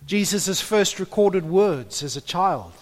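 Earnest preacher in an echoey hall. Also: male voice, high-pitched, expressive, slow pace. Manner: earnest, builds to loud impassioned peaks, repeats words. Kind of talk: sermon. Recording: echoey hall with long reverb.

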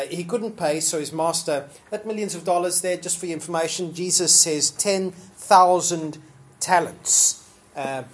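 With a medium-pitched voice, a preacher delivers a sermon in a loose, conversational style full of fillers, occasionally performing the people he quotes.

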